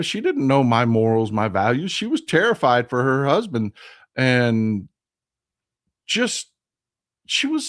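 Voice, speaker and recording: A man hosting a casual political livestream, talking in a rambling, impassioned, folksy way. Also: medium pitch. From Texas. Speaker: live stream host.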